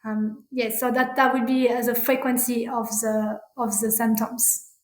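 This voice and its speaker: A woman with a French accent, a parenting practitioner answering interview questions in a halting way with many fillers and restarts. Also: fairly high pitch, little pitch movement, reverberant. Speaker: parental burnout practitioner, guest.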